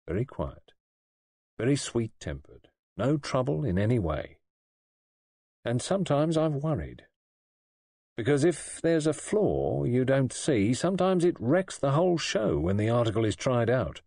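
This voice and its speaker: A man's voice: medium pitch, dark tone, dry recording, clean studio sound, pitched above the performer's own voice. A man playing a blunt, plain-spoken middle-aged police superintendent talking to his daughter in an audiobook. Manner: plain-spoken, firm, fatherly. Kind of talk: audiobook dialogue.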